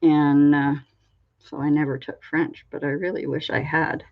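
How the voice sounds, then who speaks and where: A woman from Canada, hosting a crafting channel, chatting in a meandering way with a slight frog in her throat that she keeps clearing. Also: sits low, level tone, measured pace. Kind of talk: casual rambling chat. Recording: dull lo-fi recording.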